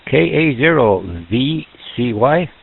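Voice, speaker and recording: A man's voice: mid-range voice, creaky, phone-quality sound, background noise. A man running an amateur radio net, chatting in a folksy, joking way over a radio transmission. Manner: folksy, joking, slow and drawn out. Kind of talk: casual radio net chat.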